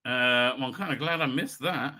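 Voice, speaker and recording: A middle-aged man hosting a casual livestream, rambling, chatty and quick to laugh as he reads viewer comments. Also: medium pitch, sharp tone. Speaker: livestream host. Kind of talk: casual live chat, reading viewer comments.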